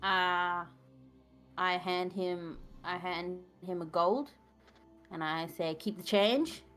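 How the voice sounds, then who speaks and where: Woman tabletop player, low-ish voice, hesitant and self-mocking, faint music behind. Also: takes it slowly, a bit bright. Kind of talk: casual tabletop play.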